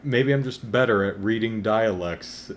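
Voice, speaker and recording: A man in his thirties chats in a casual vlog with a fairly low voice and a slow, unhurried pace. His tone is wry and self-deprecating, now and then rising into exasperated emphasis. A faint noise floor sits under the recording. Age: 30s. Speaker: comic book reviewer.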